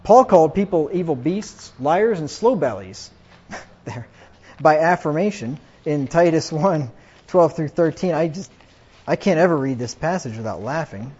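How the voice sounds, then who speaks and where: Man, preacher, emphatic sermon, high-pitched voice, muffled lo-fi sound. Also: animated, unhurried, breathy edge. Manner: emphatic, rises loud when quoting scripture. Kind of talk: sermon with scripture readings. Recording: dull lo-fi recording.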